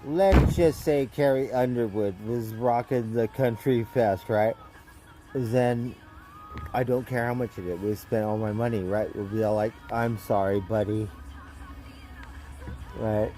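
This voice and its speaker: A man chatting loosely on a livestream, playful and meandering, tossing in "right?" all the time. His voice is mellow and soft-edged, and faint music plays behind him. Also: medium pitch, steady tone, unhurried, rough recording. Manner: rambling, playful, tags lines with "right?". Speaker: livestream host. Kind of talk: casual live-stream chat.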